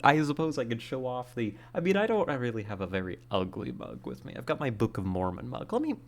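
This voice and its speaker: A livestream host with a mid-range, sing-song voice talks fast, chatting casually with live viewers in a rambling, playful way while slightly winded after exercise. The sound comes through a streaming setup.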